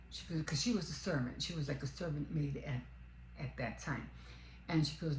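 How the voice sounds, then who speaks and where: A woman with a low voice casually retells a story, rambling and correcting herself as she goes. The room is echoey, with a faint hiss underneath. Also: moderate pace. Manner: rambling, full of fillers and self-corrections. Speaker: vlogger.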